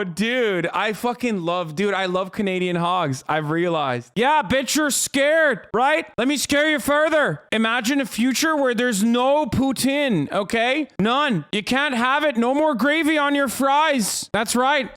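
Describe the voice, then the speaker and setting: Man doing a jeering trucker caricature, high-pitched, cocky, exaggerated bravado, loud and pushy. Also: full character voice. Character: mocking macho Canadian trucker man, taunting.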